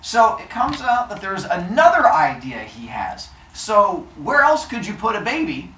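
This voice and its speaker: A man's voice: sits high, wildly swooping pitch, measured pace, sharp tone. Playful man telling myths in an echoey room. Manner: playful, jokey, quizzes listeners. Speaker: storyteller. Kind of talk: lively storytelling to a live audience. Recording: echoey room, distant mic, faint noise.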